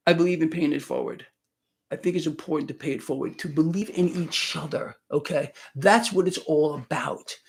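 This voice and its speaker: A man's voice: a little high, moderate pace, creaky, husky. A man hosting a casual livestream chat, emphatic and repetitive, with frequent stammering restarts. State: sweating. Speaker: livestream host. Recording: speaking to a live stream.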